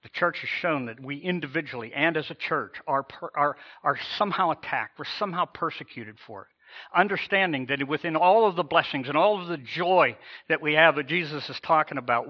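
A man delivering a sermon as pastor, emphatic, with slow dramatic pauses and rising swells. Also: a little high, lo-fi sound.

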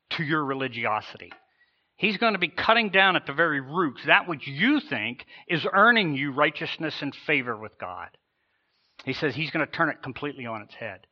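A man's voice: on the high side, dull audio. A man preaching a sermon as a pastor, earnest, often restarting and repeating words.

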